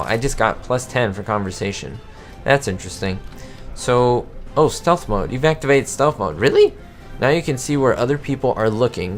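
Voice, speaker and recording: Excitable man narrating gameplay. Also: mid-range voice. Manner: excitable, easily amazed. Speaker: gamer. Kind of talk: game playthrough commentary.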